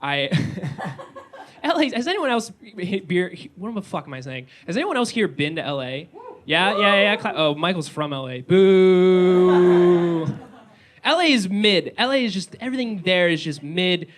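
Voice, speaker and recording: A young man doing a stand-up comedy set, excitable and given to yelling. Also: high voice, moderate pace. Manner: excitable, rising to yells. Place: small comedy venue with live audience.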